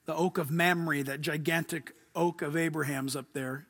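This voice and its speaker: Bright-voiced pastor preaching with laughter. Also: male voice, a little high, moderate pace. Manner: lively storytelling, laughs often. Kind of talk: sermon.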